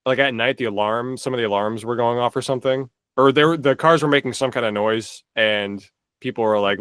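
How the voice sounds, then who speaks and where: A man's voice: medium pitch, fairly quick, a bit bright, smooth, no echo. A young man in casual podcast chat, rambling with lots of filler words and restarts. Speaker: podcast co-host.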